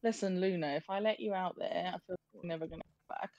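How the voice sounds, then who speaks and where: A woman's voice: fairly low pitch, steady tone, fast, a little mellow, highs cut off. Teasing woman co-player. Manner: teasing, playful. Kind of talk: casual chat among friends.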